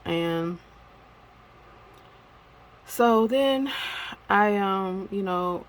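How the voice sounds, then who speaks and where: A woman's voice: mid-range voice, expressive, drawn-out words, poor audio. A woman telling a personal story in a casual vlog, candid and rambling, with many fillers. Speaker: vlogger.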